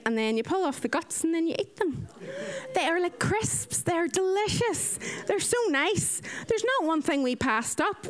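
A young woman, a nurse telling stories from her mission work in a lively talk with slides. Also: very high-pitched. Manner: lively, animated storytelling with acted-out quotes.

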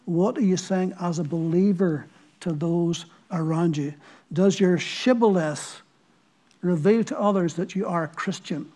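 Preaching in a Northern Irish accent, this man has a high voice with a dark tone and a measured pace. His sermon mixes stories with earnest rhetorical questions to the congregation.

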